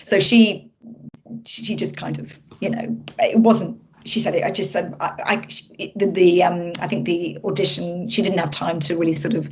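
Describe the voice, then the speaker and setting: Lively woman film director talking shop. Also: lowish voice, normal speed. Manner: animated, storytelling, restarts her sentences. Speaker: film director, interview guest. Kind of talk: casual interview chat. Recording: muffled lo-fi audio.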